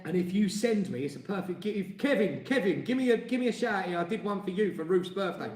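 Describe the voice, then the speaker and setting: A man's voice: sits high, lively intonation, fast, darkish tone, reverberant. A man in his forties with an East London accent, co-hosting a casual live-stream chat and joking with viewers. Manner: jokey, banters and teases. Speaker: co-host.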